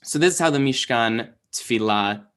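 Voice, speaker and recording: A man's voice: medium pitch, expressive, normal speed, fairly bright tone, clean tone. A man teaching an online Hebrew class, explaining patiently with lots of fillers and restarts over a video call.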